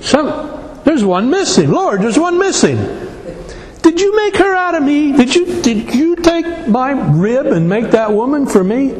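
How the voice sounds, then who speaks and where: A preacher puts on a puzzled newly woken first man, questioning aloud in a high voice. His words ring through a large echoing hall with long reverb. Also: very animated, measured pace, a little mellow, full character voice. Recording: echoey hall, faint noise.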